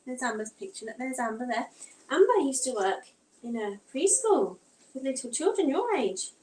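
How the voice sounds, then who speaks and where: A woman's voice: high-pitched, big pitch swings, normal speed, darkish tone, reverberant, distant mic, a little hiss or hum, poor audio. A woman chatting casually with viewers while she does housework, rambling a little and reading out comments, her throat tight and strained. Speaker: vlogger. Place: home kitchen.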